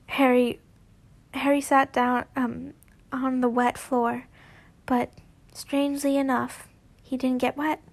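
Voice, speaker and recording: A woman reads a fanfiction story aloud in a high, unhurried voice. She stumbles over words now and then and slips into giggly commentary. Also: level tone, gravelly. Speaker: fanfiction reader.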